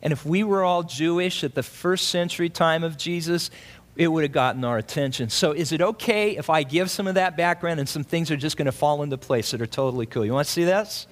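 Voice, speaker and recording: A man teaching a Bible passage in a sermon, animated and asking listeners to read along with him. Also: a little high, brisk.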